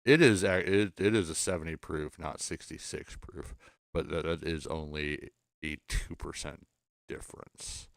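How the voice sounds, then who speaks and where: A man hosting a casual late-night podcast chat, tired and a little drunk, repeating himself and trailing off quietly. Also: extremely low pitch, fairly even intonation, measured pace, creaky, dry recording, clean studio sound. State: sleep-deprived and tipsy. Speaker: podcast host.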